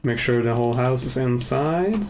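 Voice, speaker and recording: A man hosting a casual software tutorial, talking to himself as he works, joking at his own slips, on a desk microphone with the gain set too high. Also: normal speed, slight background noise. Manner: relaxed, self-mocking, mutters to himself while working. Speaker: tutorial host. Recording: overdriven mic with faint keyboard clicks.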